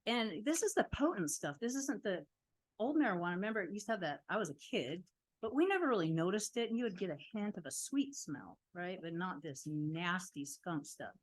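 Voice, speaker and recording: A woman's voice: on the low side, big pitch swings, fairly quick, husky. Indignant woman telling a story. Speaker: public commenter. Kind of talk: public comment at a council meeting.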